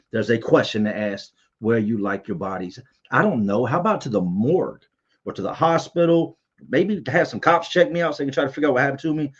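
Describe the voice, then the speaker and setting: A man's voice: mid-range voice, dull audio. A man hosting a casual livestream, candidly telling personal stories and answering viewer comments. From Virginia, US.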